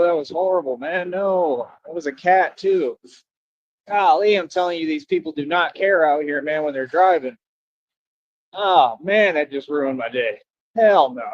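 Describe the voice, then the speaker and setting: A self-assured man streaming live from outdoors, his voice a touch higher than most. He rambles on and sounds tired from the heat. The sound is dry and a little dull and lo-fi. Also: no echo.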